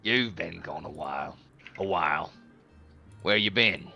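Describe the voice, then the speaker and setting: A man voicing a gruff old male halfling shopkeeper, speaking low and quietly. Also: unhurried, dull audio, soft background music, heavily acted.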